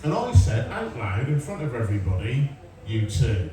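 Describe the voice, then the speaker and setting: A sarcastic, sweary Englishman in his forties does stand-up on a comedy club stage, telling stories and chatting with the crowd. His medium-pitched voice swings widely and moves fairly quickly. Caught on a distant mic in a roomy live venue, the recording is very noisy, with the crowd and laughter audible.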